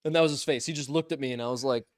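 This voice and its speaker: A young man casually telling a funny story on a podcast, lively, acting out what others said and laughing often. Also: medium pitch, rapid-fire, dry recording, clean studio sound. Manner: animated, acts out quotes in voices, laughs often. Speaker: podcast co-host.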